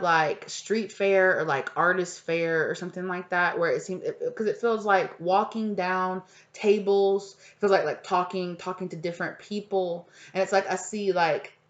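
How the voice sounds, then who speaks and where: The highs are cut off in this recording of a fairly low-pitched woman reading tarot at home with her cat. Her casual reading meanders, full of fillers, chatter, and side remarks.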